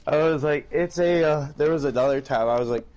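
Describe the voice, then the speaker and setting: A man's voice: medium pitch, fast, muffled recording. A man chatting casually on a live stream, telling stories and acting out phone calls. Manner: animated storytelling, acts out phone calls in raised voices. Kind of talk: casual chat.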